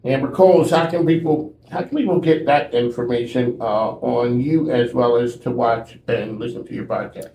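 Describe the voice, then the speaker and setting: A man with a gravelly voice hosts a radio talk show with playful banter. He is recorded in an echoey room with faint background noise. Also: medium pitch, normal speed, few pauses, warm tone. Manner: upbeat, playful host patter. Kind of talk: casual interview chat. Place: museum.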